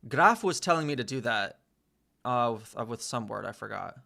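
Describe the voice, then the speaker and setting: An American man hosting a casual live chat, slowly sounding out words with many fillers and pauses. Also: medium pitch, lively intonation, creaky, pushed and bright. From United States. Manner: slow, hesitant, full of fillers, sounding out words. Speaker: livestream host learning Polish.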